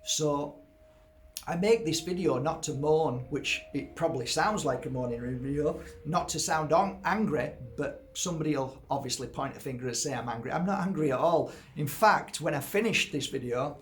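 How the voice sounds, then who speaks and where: A man's voice: a little high, moderate pace. A man in his fifties speaks candidly to camera in a somewhat raised voice, earnest and heartfelt. He addresses his viewers directly, like a healer sharing his experience. A faint hiss of noise sits under the recording. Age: 50s. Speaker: energy healer. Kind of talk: candid talking-to-camera monologue.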